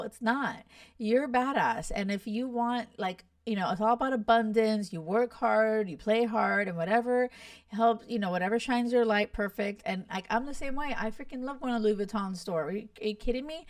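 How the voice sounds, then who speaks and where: A young woman hosting a podcast, chatting in an animated, gossipy and blunt way with lots of swearing. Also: on the high side, no room sound, studio quality, far from the mic. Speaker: podcast host. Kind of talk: casual chat reacting to a reality show.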